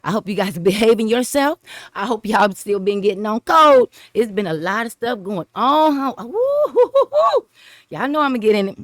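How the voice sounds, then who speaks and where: A woman's voice: mid-range voice, expressive, fairly quick, fairly bright tone, no room sound, clean studio sound. A woman vlogger, rambling through casual political commentary, repeating herself and laughing often.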